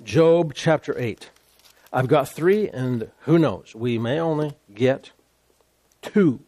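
A man preaching a sermon with call-and-response, animated and repeating words for emphasis. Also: mid-range voice, takes it slowly.

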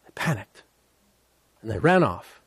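A man preaching a sermon with call-and-response, animated and repeating words for emphasis. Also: fairly low pitch, unhurried, creaky, slightly rough.

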